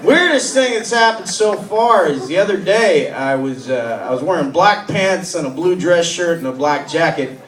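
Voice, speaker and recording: A man's voice: fairly high pitch, lively intonation, normal speed. Man, stand-up comedian, loose rambling delivery, lots of uhs, laughing crowd behind. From New York. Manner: loose, rambling with many uhs, bursts into loud voices for characters. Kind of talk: stand-up set. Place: comedy club stage. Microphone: handheld stage mic. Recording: echoey club recorded from far off.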